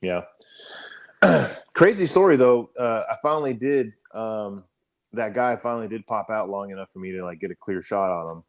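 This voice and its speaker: A man's voice: fairly low pitch, expressive, normal speed. A man on a podcast telling an army story in a casual, profane way, full of fillers and restarts. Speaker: podcast co-host, army veteran.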